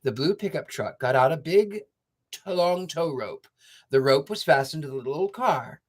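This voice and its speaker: A man's voice: fairly high pitch, expressive, moderate pace. Older man reading stories, sentimental. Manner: warm, sentimental, rambling asides. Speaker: storyteller host. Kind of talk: reading a children's story aloud, then chatting to viewers.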